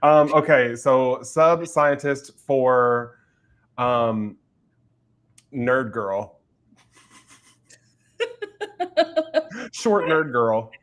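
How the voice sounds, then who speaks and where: A man's voice: mid-range voice, very animated, very slow, long pauses. A man hosting a casual writing livestream, chatty and giggling often. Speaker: livestream host and writer.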